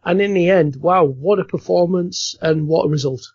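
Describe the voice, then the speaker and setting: A man's voice: fairly high pitch, moderate pace, darkish tone, husky, no room sound. A man with an Australian accent hosting a podcast in a casual, jokey, chatty way and laughing often. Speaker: podcast host. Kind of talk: casual chat. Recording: dry, dull lo-fi sound.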